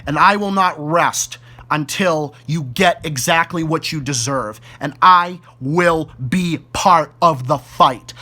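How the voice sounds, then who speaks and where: A man with a Boston accent and a bright, forceful, somewhat high voice rants furiously at the camera like a YouTube ranter. The rant is profane and keeps hurling the same insults again and again.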